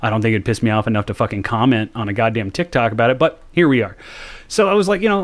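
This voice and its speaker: Man, podcast host, from the US, casual chat, swears a lot, animated storyteller. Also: medium pitch, fast talker. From United States.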